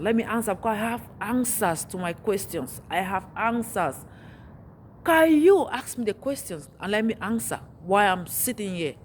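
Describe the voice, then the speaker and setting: A woman's voice: medium pitch, a little mellow, slight background noise. A woman from Africa, venting in an exasperated monologue that circles back on itself with rhetorical questions. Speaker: vlogger.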